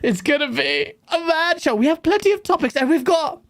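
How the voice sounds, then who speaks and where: Upbeat woman host chatting, high voice that jumps all over the place. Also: a little fast, gravelly. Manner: energetic, playful, laughs often. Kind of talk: casual gaming talk show.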